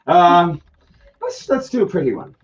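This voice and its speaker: Slow, lively woman rambling casually. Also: lowish voice. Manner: rambling, self-deprecating, repeats herself. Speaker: co-host and guitarist. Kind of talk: casual chat between songs. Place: apartment. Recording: dull lo-fi home recording with guitar.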